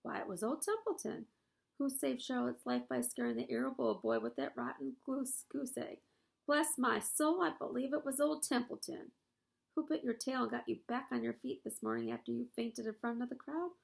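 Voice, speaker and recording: Storybook rat, male, lazy and sarcastic, gravelly grumble with a husky edge, as a woman puts him on. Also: fairly high pitch, animated, moderate pace, heavily acted. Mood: mocking. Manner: mocking and grumbling.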